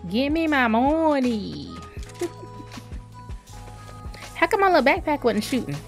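With a high voice and an unhurried pace, this woman hosts her gaming channel, giving lively play-by-play and calling out to the game in casual Southern-flavored talk. Game music blares loudly in the background.

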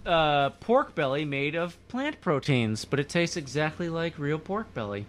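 A man co-hosting a casual podcast chat, playful and quick to laugh. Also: fairly high pitch, very animated, a little hiss or hum. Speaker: podcast co-host.

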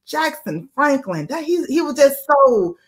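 A woman from Atlanta, speaking with a Southern accent, hosts a casual interview. Her voice sits a little high and swings widely in pitch. She talks in a playful way, drawing words out and laughing often. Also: very animated, a little slow. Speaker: host.

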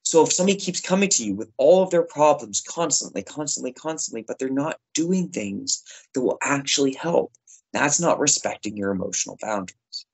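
Lively man teaching kids. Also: medium pitch, a little fast, vocal fry, husky, poor audio. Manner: lively, conversational, acts out example phrases. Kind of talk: classroom lesson for kids.

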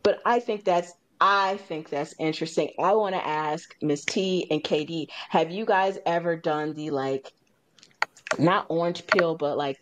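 A woman's voice: low voice, measured pace, background noise. A woman hosting a radio talk show in a casual chat. She tells stories with energy, acts out other people's lines, and repeats her key points for emphasis. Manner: animated storyteller acting out others' lines.

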